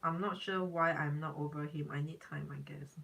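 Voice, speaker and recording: A woman's voice: low-pitched, steady tone, moderate pace, vocal fry, a bit bright, recorded from a distance, rough recording. A young woman, a tarot reader, chatting casually on a live stream, emphatic and repeating herself.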